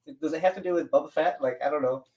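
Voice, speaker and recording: A man's voice: a little high, racing, a little mellow, dull audio, a little hiss or hum. A man on a livestream, chatting casually with brief, laid-back reactions. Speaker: livestream guest. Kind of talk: casual chat.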